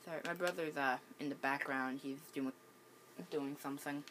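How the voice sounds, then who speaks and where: A woman's voice: deep voice, steady tone, normal speed, a bit bright, a little hiss or hum. A woman with the hiccups giving casual gameplay commentary at home, hesitant, with many ums and restarts. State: has the hiccups. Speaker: gaming channel host.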